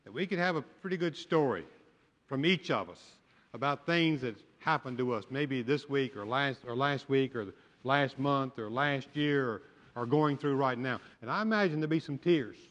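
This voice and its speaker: In a church sanctuary with long hall reverb, an older man preaches a sermon full of folksy storytelling and humor. He is a pastor with an expressive, medium-pitched, slightly bright voice at normal speed, and the recording's highs are cut off.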